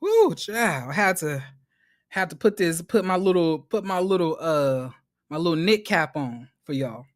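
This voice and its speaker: High-voiced, animated profane recap host. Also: male voice, unhurried, no echo, studio quality. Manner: animated, profane, stammering restarts. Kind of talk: casual profane recap commentary.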